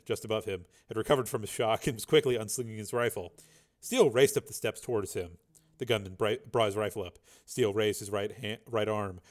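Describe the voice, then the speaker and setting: A man narrating an action audiobook in a steady, driving read with a gravelly voice. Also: fairly low pitch.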